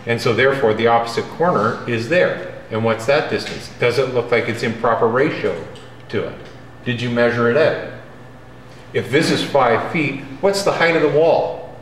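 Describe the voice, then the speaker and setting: A man's voice: medium pitch, normal speed, slight background noise. A man teaching a drawing class, direct and emphatic, often checking in with his students. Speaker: drawing instructor. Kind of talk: classroom lecture. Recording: roomy classroom with faint ambience.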